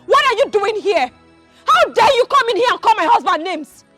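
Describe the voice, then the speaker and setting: A fierce, shrill Nigerian wife. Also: female voice, animated, normal speed, soft background music. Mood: furious. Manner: shouting, indignant, accusing. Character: fierce loyal young wife, defiant and proud. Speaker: wife defending her husband. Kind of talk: film drama acting.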